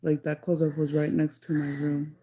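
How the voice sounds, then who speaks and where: Through poor audio, a woman with a low, dark, breathy-edged voice and totally flat delivery casually rambles through a story on a livestream. Her speech is thick with "like," dips into Spanish, and stretches some phrases out slowly when she's emphasizing them.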